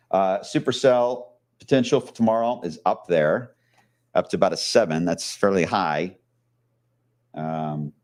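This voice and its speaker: A middle-aged man, a TV meteorologist talking through forecast maps in a casual, rambling way full of fillers, his voice hoarse and fading. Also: low voice, darkish tone. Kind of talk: live weather blog talk.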